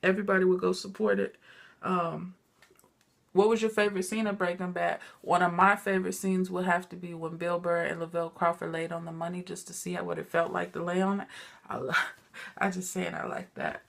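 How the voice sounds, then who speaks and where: Chatty woman with a gravelly edge. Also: fairly low pitch, fairly quick. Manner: chatty, animated storytelling, addresses viewers as y'all. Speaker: TV recap vlogger. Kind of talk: casual TV recap chat.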